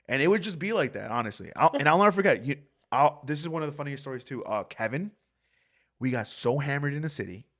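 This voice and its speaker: A man's voice: fairly high pitch, lively intonation, fast, fairly bright tone. A young man hosting a podcast, telling rambling stories in casual chat and swearing a lot. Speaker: podcast host.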